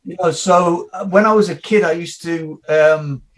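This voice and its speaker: A man's voice: on the high side, moderate pace. Chatty Geordie man telling rambling anecdotes. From Northeast England. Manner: rambling anecdotes, full of fillers and restarts, acting out quoted people. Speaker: comedian guest. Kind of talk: casual podcast interview.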